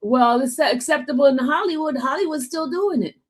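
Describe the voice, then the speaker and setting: A woman's voice: high-pitched, brisk. A middle-aged woman in a casual debate who talks emphatically and stammers a repeated "I" before making her points.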